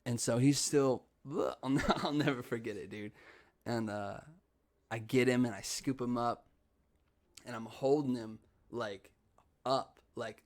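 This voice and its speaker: A man's voice: mid-range voice, no echo. A young man hosting a podcast, telling a story in a loose casual style, laughing often and dropping swear words. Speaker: podcast host.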